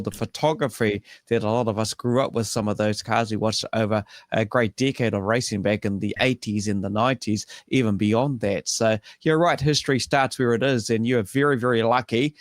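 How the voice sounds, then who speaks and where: A man, co-hosting a casual live stream and reading out shout-outs to viewers. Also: mid-range voice, no echo, studio quality. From New Zealand. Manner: reads out viewer shout-outs in a steady, friendly run. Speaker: co-host.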